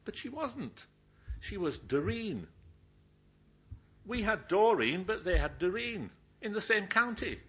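An older Yorkshire minister delivers an anecdotal sermon in a high, husky, sing-song voice, bright and forceful, at a moderate pace with few pauses. He's chatty and rambling, cutting off his sentences and laughing at his own stories, on a dull lo-fi recording.

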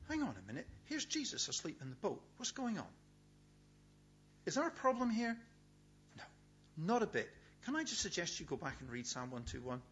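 Middle-aged man, preacher delivering a sermon; animated, fairly high voice, emphatic and deliberate; dull recording. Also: vocal fry. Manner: emphatic, repeats key words with pauses. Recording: dull, lo-fi sound with faint hum.

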